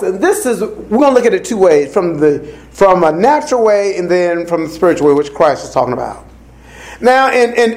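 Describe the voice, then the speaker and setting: A man preaching a sermon, building from calm teaching to shouted call-and-response passages. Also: high voice.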